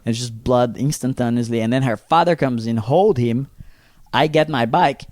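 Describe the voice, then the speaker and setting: A young man from Brazil co-hosting a podcast, telling a story in a casual, animated way, acting out the people in it and swearing freely. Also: mid-range voice, normal speed, no room sound. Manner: animated, acts out quoted voices, swears freely. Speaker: podcast co-host.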